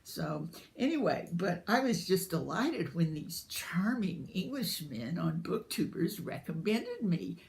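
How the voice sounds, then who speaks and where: A woman's voice: lowish voice, very animated, unhurried, gravelly, darkish tone. An older American woman with a light Southern drawl, chatting casually and rambling from topic to topic in a book vlog. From United States. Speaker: booktuber.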